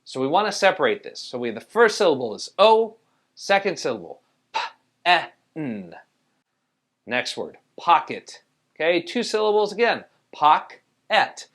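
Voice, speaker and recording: A man's voice: on the high side, sing-song, a little fast, fairly bright tone. A man teaching a spelling lesson, patiently explaining rules and sounding out each letter. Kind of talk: spelling tutorial.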